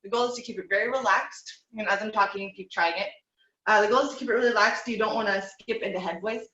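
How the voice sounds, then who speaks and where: Relaxed woman teaching voice over video call. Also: mid-range voice, quick pace. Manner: relaxed, encouraging, demonstrates with hums and slides. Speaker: vocal teacher. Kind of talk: online group voice lesson. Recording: dull, echoey room sound.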